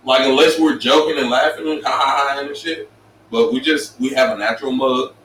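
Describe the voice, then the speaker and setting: A middle-aged man co-hosting a casual podcast, telling profane, animated stories and slipping into voices for the people he quotes. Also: mid-range voice, brisk, slight background noise. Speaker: co-host. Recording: roomy, distant mic with faint ambience.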